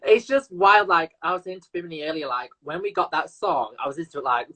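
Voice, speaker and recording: A man in casual live chat, laughing often and telling animated stories about a shared memory. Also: fairly high pitch, fast. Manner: giggly, animated storyteller.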